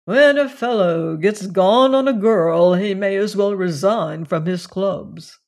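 A bored clubman grumbles and yawns his way through his complaint about cards, as a reader puts him on. His voice sits at a middling pitch. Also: slow. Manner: yawning, grumbling. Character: bored card-playing clubman, man. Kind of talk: audiobook reading of a story.

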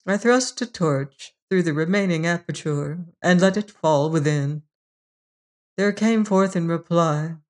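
Slow, brooding horror storyteller. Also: mid-range voice. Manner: slow, measured, brooding delivery. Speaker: host and narrator of a horror story show. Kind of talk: dramatic horror reading.

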